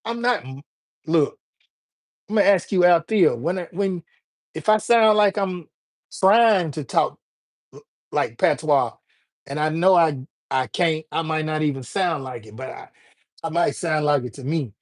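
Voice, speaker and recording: A man talks loosely to his livestream audience, his voice sitting a little higher than most men's. He keeps it easygoing and full of slang, calling out viewers by name as he goes. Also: measured pace, pauses often. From Alabama, USA. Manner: laid-back and slangy, greeting viewers by name. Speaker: livestream host. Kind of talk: casual livestream chat.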